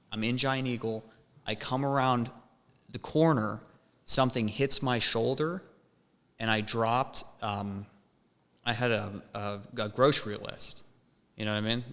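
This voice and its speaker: Bright-voiced man with hall echo. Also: medium pitch. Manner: rambling storyteller, swears a lot, many restarts. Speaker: podcast host. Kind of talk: casual chat. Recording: long hall reverb.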